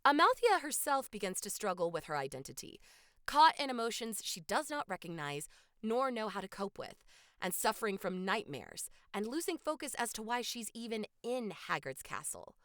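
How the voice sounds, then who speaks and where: A woman co-hosting a podcast, recapping a film's plot in a casual, animated storytelling way. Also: medium pitch, moderate pace, no echo, clean studio sound. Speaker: podcast co-host. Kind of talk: casual film recap chat.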